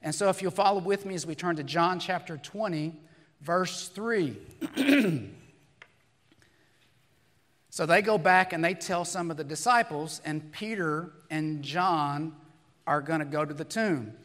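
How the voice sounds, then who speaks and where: Man, pastor, hoarse, raspy, sermon, reverberant church hall. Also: fairly high pitch, unhurried, long pauses, a bit bright. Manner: conversational preaching with rhetorical questions. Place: church sanctuary.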